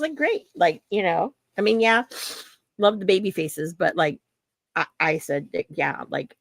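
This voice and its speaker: A woman's voice: fairly low pitch, vocal fry, no room sound. A woman co-hosting a podcast in casual chat, telling stories with lots of fillers and swearing. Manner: animated storyteller, swears freely, many fillers. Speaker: podcast co-host.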